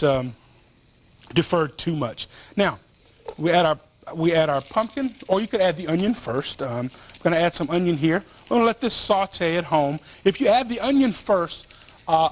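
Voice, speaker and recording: A man hosting a TV cooking show, chatting and joking with the crew as he demonstrates recipes in a studio kitchen. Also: a little high. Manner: chatty, animated, jokes with crew.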